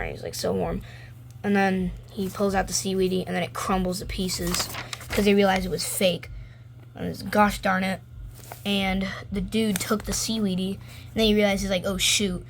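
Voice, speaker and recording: A young woman talks through her homemade comics in a loose, rambling show-and-tell. Her voice sits at an ordinary middle pitch, picked up close on a phone. A faint hiss runs underneath. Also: creaky. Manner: rambling, chatty, reads her own comics aloud with quick silly voices. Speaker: vlogger showing her drawings. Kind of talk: casual show-and-tell vlog. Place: home room, lights turned down.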